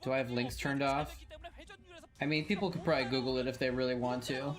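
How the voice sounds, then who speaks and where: A man's voice: mid-range voice, steady tone, brisk. A man streaming a watch party of old pro games, giving casual commentary and chatting with viewers in a rambling, easygoing way. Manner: rambling, chatty, reading chat aloud. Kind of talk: casual game commentary and chat.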